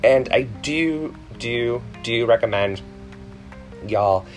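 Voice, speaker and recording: A man's voice: mid-range voice, takes it slowly, faint music behind. A man hosting a podcast in a casual, rambling chat, full of ums and self-corrections. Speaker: podcast host.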